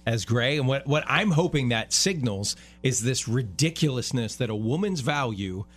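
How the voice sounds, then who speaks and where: A man's voice: medium pitch, animated, moderate pace. Earnest, emphatic middle-aged male radio co-host. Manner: earnest, emphatic, restarts mid-phrase. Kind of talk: casual talk radio commentary.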